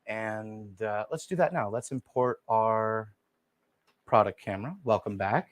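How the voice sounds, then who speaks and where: A man hosting a live shopping stream, chatting casually and softly to viewers while demoing gear on a lapel mic. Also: fairly low pitch, measured pace. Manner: chatty, rambling, talks straight to viewers; speaking softly and relaxed instead of his usual loud delivery. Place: indoor room, moving around on camera. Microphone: wireless lapel mic.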